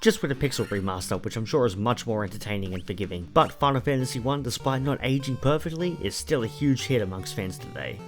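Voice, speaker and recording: A man's voice: mid-range voice, lively intonation, fast talker, hardly any pauses, soft background music. A young man giving sarcastic, swear-heavy commentary while playing an old game, mocking its clumsy translation. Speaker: gaming video creator. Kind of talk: commentary over gameplay.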